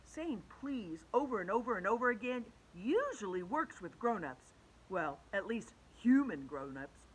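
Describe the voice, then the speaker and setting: A woman reading a children's chapter book aloud, animated and changing her voice for the characters. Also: mid-range voice, measured pace, breathy edge, low-quality recording. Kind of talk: storybook read-aloud.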